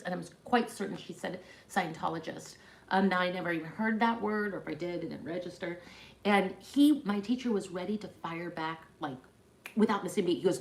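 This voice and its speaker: A woman's voice: mid-range voice, a little fast. A woman chatting casually on a livestream, telling a rambling story full of "like" fillers.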